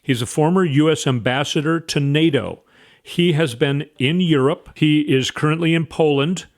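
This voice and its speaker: A man's voice: on the high side, moderate pace. Man talking news commentary, emphatic. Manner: conversational, emphatic, repeats words for stress. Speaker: host. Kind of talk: casual commentary, reading news aloud.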